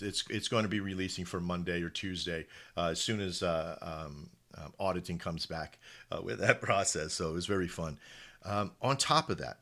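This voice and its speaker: Brief: deep-voiced man, excitable rambling founder pitch, crisp bright tone. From United States. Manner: rambling, excitable, swears and repeats himself. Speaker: crypto project founder hosting a live audio space. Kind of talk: casual pitch to a live community.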